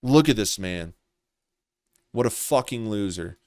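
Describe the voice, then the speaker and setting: Man, slow deliberate pace, smooth clear voice, dry close sound, scornful accusing rant. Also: on the low side, animated, a little mellow, no room sound. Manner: accusatory, contemptuous, profane. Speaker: commentary vlogger. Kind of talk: ranting commentary.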